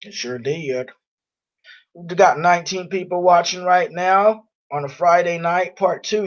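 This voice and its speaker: On a casual live stream with dull, lo-fi audio, a man reads out viewer comments, sounding blunt and irritated. His voice sits high, and he speaks unhurriedly.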